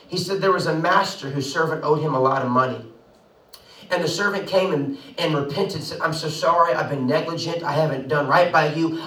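A man's voice: on the high side, sharp tone, reverberant, distant mic, low-quality recording. A man preaching a sermon with emphatic delivery, acting out the voices he quotes. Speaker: pastor.

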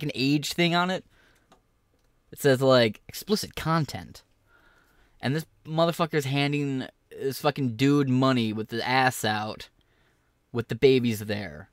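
A man's voice: medium pitch, no echo, studio quality. A man streaming an angry, profane live reaction to news footage.

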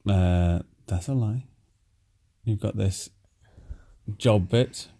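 A man's voice: fairly low pitch, drawn-out words, dark tone. A man hosting a casual podcast chat, easygoing and thinking aloud as he talks. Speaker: podcast host.

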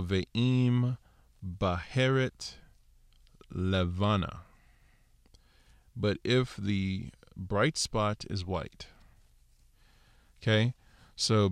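A man's voice: lowish voice, no echo, studio quality. A man teaching a casual scripture lesson, walking through Hebrew word studies with lots of "so" and "okay.". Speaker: Bible teacher.

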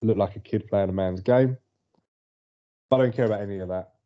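A man's voice: fairly low pitch, brisk. A man co-hosting a casual sports podcast, telling stories in a chatty way and laughing often. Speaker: podcast co-host. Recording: dull lo-fi audio.

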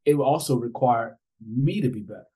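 Man, podcast guest, animated storytelling, laughs often, mid-pitched voice. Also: normal speed, husky, rough recording. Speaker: podcast guest, author and father. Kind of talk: conversational storytelling.

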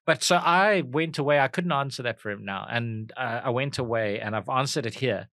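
A South African man in his thirties co-hosting a podcast, joking quickly and slipping into mock accents. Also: mid-range voice, fairly bright tone, no echo, clean studio sound. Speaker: podcast co-host. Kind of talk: casual comedic chat.

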